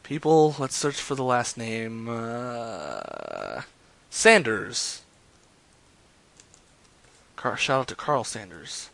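A man's voice: mid-range voice, very animated, very slow, vocal fry, long pauses, a bit bright. A man streaming live, chatting loosely with his viewers between prank calls, with lots of fillers and jokes. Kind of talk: casual live-stream chat.

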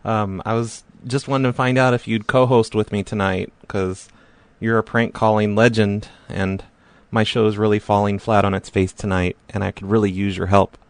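A man hosting a prank call live stream, chatting casually and rambling with halting fillers and self-deprecating remarks. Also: lowish voice, little pitch movement, no echo.

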